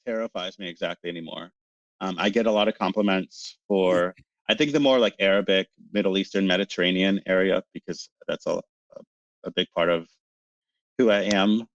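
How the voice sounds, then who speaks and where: A lively male interview guest from Canada with a fairly low voice, quick to laugh and excitable as he talks. His audio sounds a little muffled and lo-fi, and dry with no room echo. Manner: animated, laughs often, excitable. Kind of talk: casual interview chat.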